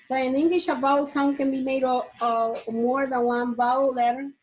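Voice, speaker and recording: Woman teacher modeling words slowly. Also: high voice, steady tone, darkish tone, a little hiss or hum, poor audio. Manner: slow, drawn-out modeling of example words; frequent checking "okay?" with the class. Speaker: English teacher. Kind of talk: classroom lesson on pronunciation.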